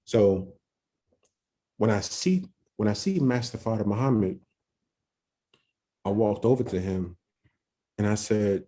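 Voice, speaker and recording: Loose and halting, this man shares a story as a podcast guest, restarting often and using street slang. His voice is very low and his tone mellow.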